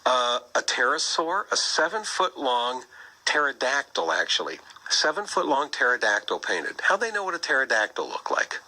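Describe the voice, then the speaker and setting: A man's voice: mid-range voice, big pitch swings, normal speed, pushed and bright, poor audio. A man hosting a Christian apologetics talk show, speaking energetically and pressing the listener with rhetorical questions. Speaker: radio talk show host.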